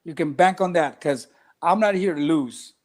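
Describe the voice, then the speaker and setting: A man tells coaching stories in a casual interview, slightly high in pitch for a man. He acts out each person he quotes and slips in Spanish phrases. He sounds middle-aged. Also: moderate pace. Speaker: track and cross country coach.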